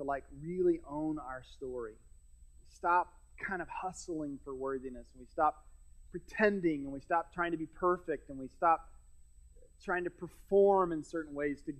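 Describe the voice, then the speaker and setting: A man's voice: on the high side, a bit bright, rough recording. A middle-aged man preaching a sermon as pastor, conversational with self-deprecating humor and frequent restarts. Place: church sanctuary.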